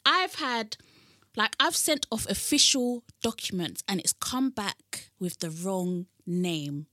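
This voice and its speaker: A young woman from London co-hosting a casual podcast, playful and animated. Her bright voice swings widely in pitch. The sound is dry and close. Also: dry recording. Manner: animated, playful, quick to laugh. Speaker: podcast co-host. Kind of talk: casual chat.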